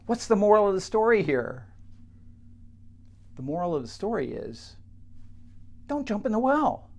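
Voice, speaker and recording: A man who works with clients, telling a teaching story straight to camera in a halting way, with many fillers and restarts. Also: high-pitched. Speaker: coach working with clients.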